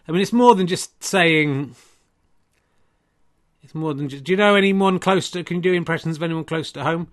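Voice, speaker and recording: Self-mocking middle-aged podcast host. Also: male voice, fairly high pitch, moderate pace, long pauses. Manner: rambling, self-mocking, many restarts. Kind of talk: comic solo podcast.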